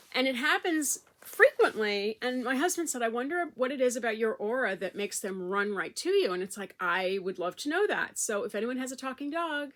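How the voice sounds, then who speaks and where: A middle-aged woman speaks with a bright, clear tone. She talks casually and warmly to her viewers, rambling with fillers and restarts as she tells a story. Her pitch sits in an ordinary middle range for a woman. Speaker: vlogger.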